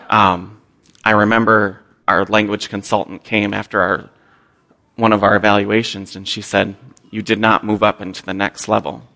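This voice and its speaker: Earnest missionary man with a gravelly voice. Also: lowish voice, sharp tone. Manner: earnest, candid, self-deprecating. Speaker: missionary speaking to a church. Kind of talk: personal testimony talk.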